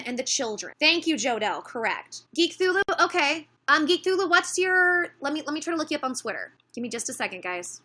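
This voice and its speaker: Livestream host, woman; high bright voice, frustrated, defensive, calls out chat by name. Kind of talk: casual livestream talk to chat.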